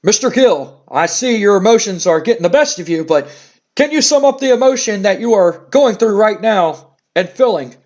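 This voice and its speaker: A man's voice: high-pitched, expressive, moderate pace, darkish tone. A man playing a stiff, formal wrestling boss. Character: formal, stern older male wrestling boss. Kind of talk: let's play narration.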